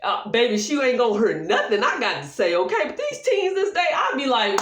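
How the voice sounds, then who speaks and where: Lively high-voiced woman with a playful manner. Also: fairly quick, hardly any pauses, recorded from a distance, a little hiss or hum. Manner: animated and playful, acting out quotes and laughing often. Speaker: vlogger. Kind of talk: casual chat to camera. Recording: echoey room, voice a bit off mic.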